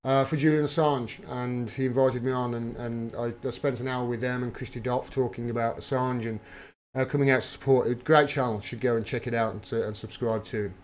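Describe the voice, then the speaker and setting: A man's voice: mid-range voice, fairly even intonation, brisk, slight background noise. A man hosting a live stream, talking through political news and answering viewer messages in an emphatic, heated way, swearing freely. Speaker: livestream host. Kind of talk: live political commentary reading viewer chat.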